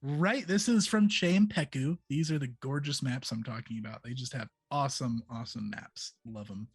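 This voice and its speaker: A man running a tabletop game as game master, chatty and relaxed, with many fillers. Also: medium pitch, moderate pace, slightly rough, no room sound.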